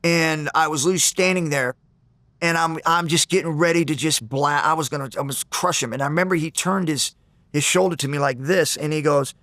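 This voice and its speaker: A man being interviewed, telling a story in an animated way, acting out the people in it and often restarting and repeating words. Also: on the high side, a little fast, no room sound. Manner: animated, acts out the people in his stories. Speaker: interview guest.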